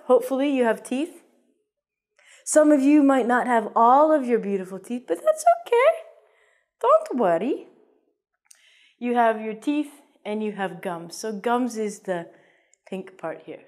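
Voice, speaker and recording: A woman's voice: fairly high pitch, a little mellow. A woman teaching an English vocabulary lesson in a playful, jokey way, with theatrical asides.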